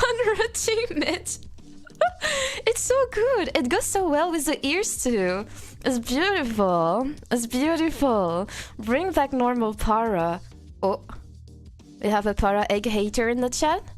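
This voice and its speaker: French lady streamer, kinda high voice, playful and giggly, reading chat out loud. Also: animated, measured pace, faint music behind. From France. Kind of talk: casual live-stream chat.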